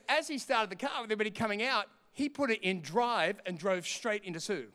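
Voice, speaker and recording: Impassioned high-voiced male preacher, big hall. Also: smooth. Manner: impassioned preaching that swells to shouts between quieter storytelling. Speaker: pastor. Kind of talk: sermon. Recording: long reverb hall.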